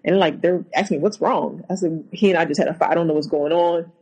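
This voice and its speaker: A woman, a guest on an interview show, recounting a personal story haltingly, with many restarts. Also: lowish voice, steady tone, darkish tone, husky, poor audio.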